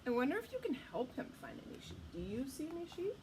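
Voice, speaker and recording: A woman's voice: high-pitched, fast talker, background noise. A woman reading a picture book aloud to children at storytime, stopping often to ask the listener questions. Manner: animated, asks the listener questions. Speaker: storytime reader.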